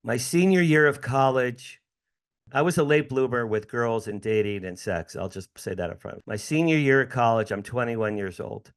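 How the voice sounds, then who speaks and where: A man in his sixties from the United States, an interview guest telling a personal story with lively acted-out dialogue and frequent laughs. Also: mid-range voice, moderate pace, clean tone. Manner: animated storyteller, acts out dialogue, laughs often.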